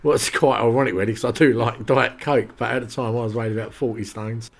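A man, a podcast guest telling lively showbiz stories and quoting the people in them. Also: mid-range voice, fast, creaky. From England. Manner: animated anecdotes with quoted voices and laughs. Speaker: interview guest. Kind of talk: casual storytelling.

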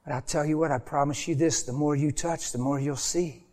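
A male preacher telling stories in an impassioned sermon, swinging from loud, animated delivery to hushed, intimate tones. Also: fairly high pitch, brisk. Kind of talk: sermon with storytelling.

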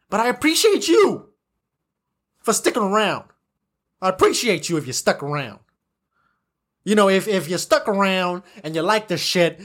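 A man's voice: high-pitched, a bit bright. A young man hosting a solo podcast episode, ranting in an agitated, profane, repetitive way, full of "you know"s. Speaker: podcast host.

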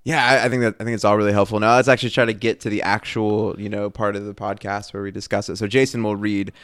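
A man co-hosting a podcast, talking through a scripture passage in casual chat, animated and thinking aloud with many restarts. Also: fairly low pitch, fast talker, smooth, no room sound, studio quality. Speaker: podcast co-host.

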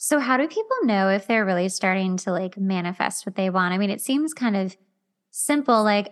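A woman's voice: mid-range voice, animated, moderate pace. A woman hosting a podcast who asks questions in a friendly, upbeat way and affirms her guest. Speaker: podcast host. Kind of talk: casual podcast chat.

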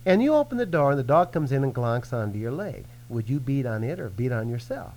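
On a low-quality recording, a Christian minister with a mid-range voice teaches at a brisk clip in a radio-style conversation. He preaches earnestly and with animation, dramatizing quoted speech.

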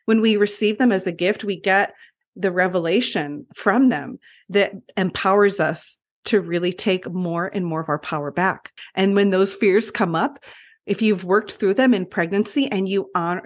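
A woman of ordinary pitch, a guest on a podcast, talking in long earnest runs. Her words keep flowing, and "like" shows up often as a filler. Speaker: guest, birth educator. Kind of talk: podcast interview talk.

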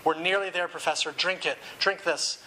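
A man's voice: on the high side, steady tone, moderate pace, bright, forceful tone, a little hiss or hum, low-quality recording. A man voicing a desperate young male wizard, urging and pleading as a story is read aloud. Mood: coaxing. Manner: urgent, pleading commands.

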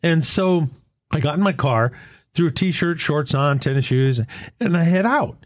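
Earnest male storyteller, faith talk, very animated intonation, dry close sound. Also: a little high, measured pace, no echo. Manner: earnest testimony, retelling dialogue in a lively back-and-forth. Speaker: Catholic men's fellowship leader. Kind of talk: faith-sharing conversation with storytelling.

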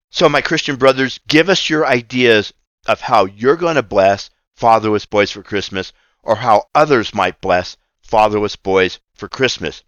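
A man's voice: fairly low pitch, a little slow, fairly bright tone, no room sound. A man hosting a Christian radio talk show, preaching in an emphatic way and repeating key phrases. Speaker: radio ministry host.

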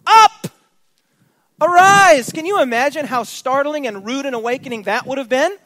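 A man's voice: extremely high pitch, quick pace, a bit bright, a little hiss or hum. A male preacher giving an emphatic sermon, posing rhetorical questions to his congregation.

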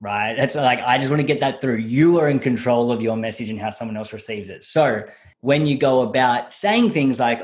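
A man's voice: medium pitch, normal speed. A man co-hosting a podcast, explaining his views in an earnest way. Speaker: podcast co-host. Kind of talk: casual podcast chat.

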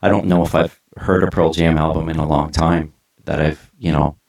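A middle-aged male podcast host with a gravelly edge to his speech. He chats in a loose, rambling way, restarting sentences and tossing in "right?" as he goes. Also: very deep voice, fairly even intonation, normal speed, a little mellow. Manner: chatty, restarts sentences, tag questions. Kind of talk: casual interview chat.

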